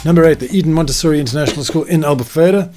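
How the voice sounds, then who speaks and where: A man's voice: on the high side, rapid-fire, darkish tone, faint music behind. A man hosting a casual explainer vlog, talking in a chatty, conversational way with asides to his viewers, recorded indoors. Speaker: vlog host. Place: indoor room.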